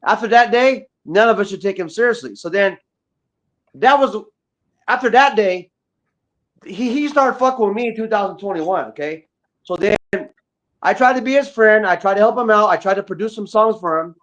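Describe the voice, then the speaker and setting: A man's voice: sits high, expressive, moderate pace, fairly bright tone. A man guest on a livestream, ranting profanely and combatively with lots of repeated words. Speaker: guest rapper. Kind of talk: livestream rant. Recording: dull lo-fi audio.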